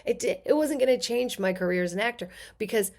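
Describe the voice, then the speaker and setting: A middle-aged woman talks in a casual interview with a lively, swinging pitch. She speaks expressively and acts out the people in her stories. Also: fast. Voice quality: character-actor voice. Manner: animated, acts out quoted voices in her stories. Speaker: podcast guest, actor and therapist.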